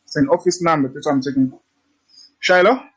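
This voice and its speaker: A man's voice: fairly high pitch, fairly even intonation, rapid-fire, a little mellow, slightly rough, low-quality recording. A man teaching trading in a casual walkthrough, brash and teasing, repeating his points and swearing freely. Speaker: trading instructor. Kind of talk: casual screen-share tutorial.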